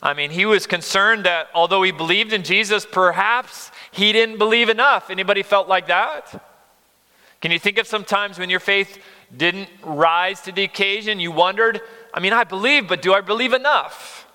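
A man in his fifties preaching a sermon, earnest and emphatic, moving between loud stress and near-whispers. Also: sits high, moderate pace, clear, resonant tone. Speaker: pastor. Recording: long reverb of a large hall.

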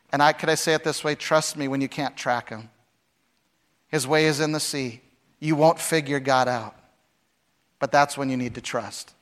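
A man preaching a sermon, with dramatic swings between loud, acted-out lines and hushed, quiet passages. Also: mid-range voice. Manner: dramatic, acts out voices with big swings from shouting to hushed. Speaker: pastor.

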